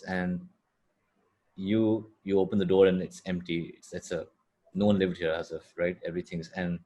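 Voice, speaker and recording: A man with a fairly low voice co-hosts a casual podcast, talking through a video game's story. He gets animated, often paraphrases scenes, and gives blunt opinions, filling the gaps with "uh" and "like.". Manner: blunt opinions with filler words. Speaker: podcast co-host. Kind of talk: casual video game discussion.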